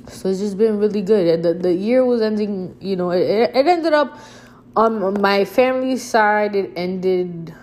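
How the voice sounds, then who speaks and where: A young woman chatting to her viewers as if to a close friend, relaxed and candid, with a casual curse here and there. She acts out her own past lines, jumping much higher in pitch when she quotes herself. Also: slight background noise. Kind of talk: casual storytelling to camera.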